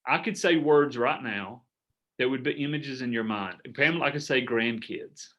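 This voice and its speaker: A middle-aged man coaching a group over a video call, earnest and animated, acting out sample sales conversations. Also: mid-range voice, normal speed, dull audio. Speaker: business coach. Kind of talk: coaching workshop talk.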